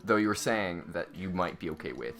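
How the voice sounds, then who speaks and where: Lively low-voiced man playing a tabletop game. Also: fairly quick. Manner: eager, stumbling restarts. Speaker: player. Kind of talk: casual tabletop game chat.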